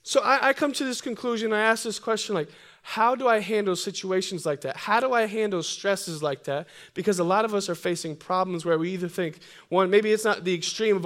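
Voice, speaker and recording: A young man preaching a sermon, joking and energetic, calling on the congregation to repeat after him. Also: high voice, quick pace. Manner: humorous, energetic, call-and-response with congregation. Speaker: pastor.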